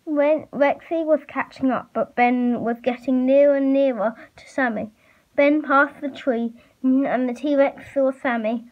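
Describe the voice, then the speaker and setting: High-voiced woman reading her story out, stumbly, muffled lo-fi audio. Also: steady tone. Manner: halting reading with many fillers and restarts. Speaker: reader. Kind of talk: reading a fan story aloud. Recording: muffled lo-fi recording.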